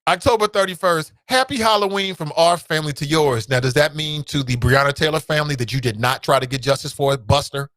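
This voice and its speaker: Hosting a talk show, a man with a Midwestern American accent delivers casual, animated commentary fairly quickly and with few pauses, laughing as he shifts from loud bursts to low asides. It's a clean studio recording without echo.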